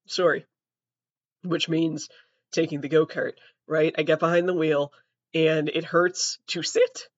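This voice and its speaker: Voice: medium pitch, level tone, slow pace, pauses often, no echo. A young adult trans comedy podcaster telling stories in a profane, rambling, self-mocking way. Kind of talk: comedic storytelling. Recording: dull, dry lo-fi audio.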